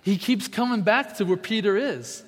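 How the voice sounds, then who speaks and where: A man's voice: high voice, moderate pace, fairly bright tone. A man preaching a sermon, emphatic and repeating key phrases, acting out the people he quotes. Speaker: pastor. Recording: long hall reverb.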